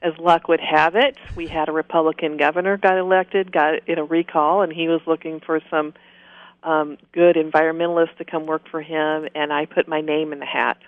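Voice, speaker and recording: A woman's voice: deep voice, flat delivery, normal speed, dry recording. This is a woman with a slight Southern US accent, speaking as a radio interview guest. She is friendly and talkative. The recording is dull and lo-fi, and it sounds dry. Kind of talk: conversational interview.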